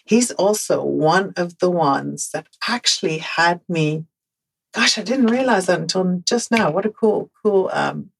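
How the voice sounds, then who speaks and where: A Dutch woman with a Dutch accent hosts a podcast, animatedly telling a personal story, repeating words for emphasis and laughing often. Her fairly low, slightly rough voice carries vocal fry at a measured pace, and the recording is rough.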